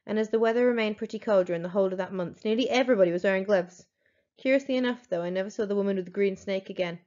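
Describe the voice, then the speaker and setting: A woman teacher reading a storybook aloud to pupils, telling it in an expressive, dramatic way. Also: mid-range voice, racing. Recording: dull lo-fi recording.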